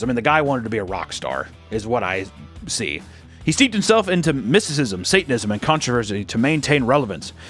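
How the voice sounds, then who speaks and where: A man's voice: mid-range voice, fairly bright tone. A man hosting, telling a story casually in a sarcastic, joking way and swearing freely. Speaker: host.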